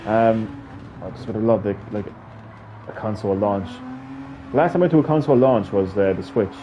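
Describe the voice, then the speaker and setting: A man's voice: fairly low pitch, brisk, lo-fi sound, slight background noise. A tired man with an Irish accent, hosting a gaming channel and rambling casually, swearing freely. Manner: rambling, swears freely, mocking quoted voices.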